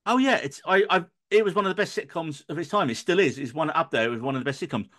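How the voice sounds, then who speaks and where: A man's voice: fairly high pitch, expressive, fast talker, a bit bright. A man hosting a casual podcast chat, joking around and swearing for comic effect. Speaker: podcast host.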